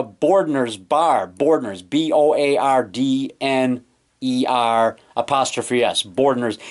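A man, a filmmaker, giving a rambling, self-correcting show-and-tell of his collection in his home basement, recorded on a camcorder. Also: a little high. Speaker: filmmaker and vlogger. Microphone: handheld camcorder mic.

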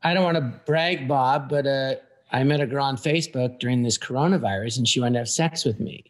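A man in his sixties, a comedian guest on a podcast, telling jokes with a deadpan delivery. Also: medium pitch, fairly quick. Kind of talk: telling jokes in casual chat.

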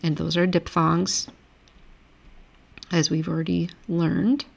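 A woman's voice: fairly low pitch, level tone, slow pace, gravelly, breathy edge. A woman giving a recorded grammar lecture over a shared screen, patiently reading word lists aloud and explaining each rule step by step. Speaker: language teacher.

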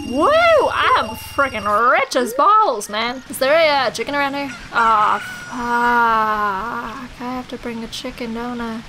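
A woman's voice: on the high side, lively intonation, slow, background noise. A young woman in loopy gameplay commentary, goofy and crude, giggling as she plays. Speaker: let's player. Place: small hot recording room. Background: game music.

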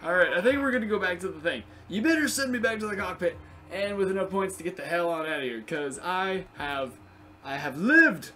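Excitable high-voiced young man gaming. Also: a little fast. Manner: excitable, profane, talks to game creatures. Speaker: gameplay video creator. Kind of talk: casual let's play commentary.

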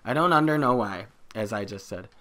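A man giving joking let's play commentary on a horror game, loud and rambling, swinging between shouting and muttering. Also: fairly quick. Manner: reads in-game notes aloud in a low flat voice. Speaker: gaming video creator.

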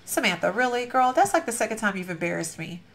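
A woman's voice: medium pitch, very animated, fast talker, a bit bright, slight background noise. A young woman hosting a game channel, gushing over a build while telling a rambling story and getting sidetracked. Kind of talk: casual gameplay commentary and storytelling.

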